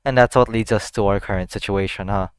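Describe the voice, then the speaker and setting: A man's voice: fairly low pitch, steady tone, a little fast, clean tone, dry recording. A man hosting an anime reaction, talking casually to the screen and blurting out startled exclamations and swearing.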